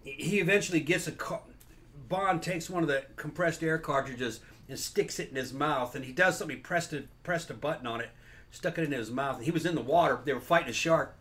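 A man's voice: on the high side, brisk, fairly bright tone. A man co-hosting a podcast, giving blunt, profane opinions on a film in casual chat. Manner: blunt, profane, laughs at the absurd. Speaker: podcast co-host.

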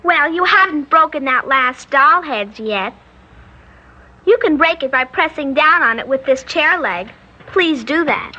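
An actress playing an eerie little girl, prim, sweetly polite and quietly menacing, in a radio drama. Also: high-pitched, animated, unhurried, lo-fi sound, exaggerated voice. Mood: calm, polite.

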